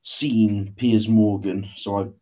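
A man's voice: on the low side, level tone, takes it slowly, warm tone. A young man, a university student co-hosting a podcast over a patchy online call, rambling and cursing as he corrects himself mid-sentence. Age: young adult. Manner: sweary, rambling, self-correcting. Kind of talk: casual chat. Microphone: computer mic over a dropping internet call.

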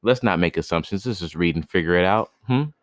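Low-voiced man reading with slangy asides. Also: expressive, a little fast, dry recording, clean studio sound. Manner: slangy, joking asides, stumbles over names. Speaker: podcast host reading myths. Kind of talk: myth reading with casual commentary.

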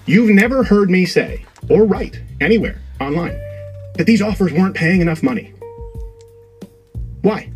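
A man's voice: sits high, lively intonation, normal speed, pauses often, soft background music. A man speaking in a video monologue, emphatic and impassioned as he makes his case.

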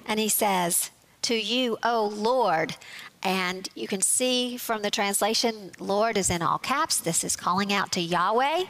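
A woman teaching a Bible study, explaining scripture in a measured way and reading verses aloud. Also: medium pitch, a bit bright.

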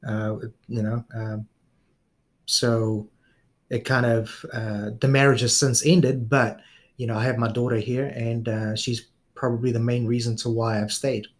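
A middle-aged man with a New Zealand accent, a police officer chatting as an interview guest, relaxed and full of fillers and small laughs. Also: medium pitch, a little slow. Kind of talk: casual interview chat.

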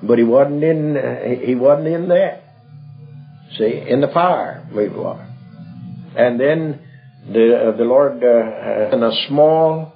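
A man teaching from the Bible in a halting, folksy way, with many fillers and restarts. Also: medium pitch. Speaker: preacher. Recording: dull lo-fi old recording with faint music.

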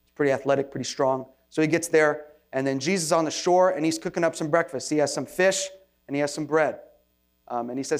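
A man's voice: fairly high pitch, fast talker. Male pastor, conversational sermon delivery, self-deprecating and loose, often restarts his sentences. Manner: informal, self-deprecating asides with frequent restarts.

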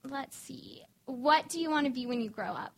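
A woman co-hosting a podcast, chatting in quick, bubbly banter and interviewing guests. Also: high voice, expressive, vocal fry, breathy edge. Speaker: podcast co-host.

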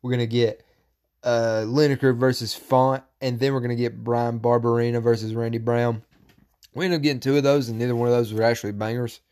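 A man hosting a combat-sports podcast, talking casually and profanely, breaking into loud, animated rants. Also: mid-range voice, fairly quick. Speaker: podcast host.

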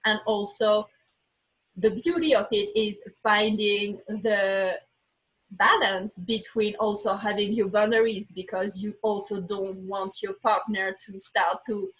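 A woman guest on a podcast, telling a candid personal story with animated, acted-out bits of dialogue; English is not her first language. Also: mid-range voice, husky, low-quality recording. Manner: animated, acts out quoted dialogue, frequent restarts.

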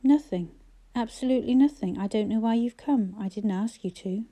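A woman reading the lines of a grieving young man who speaks with flat, withdrawn detachment. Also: medium pitch, normal speed, lightly acted. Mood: detached.

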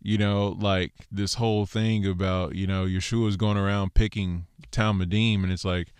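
Speaking at normal speed in a clean, low-pitched voice, a man gives a relaxed Torah lesson full of self-deprecating humor. He brings quoted people to life with animated voices, and the recording is dry.

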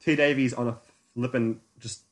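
A man co-hosting a podcast in casual chat, animated and teasing, often laughing. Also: medium pitch, moderate pace. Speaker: podcast co-host.

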